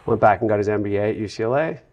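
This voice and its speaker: A man from the United States, a guest in a casual interview, telling long run-on anecdotes with a relaxed storytelling manner. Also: on the low side, very fast, highs cut off. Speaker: podcast guest.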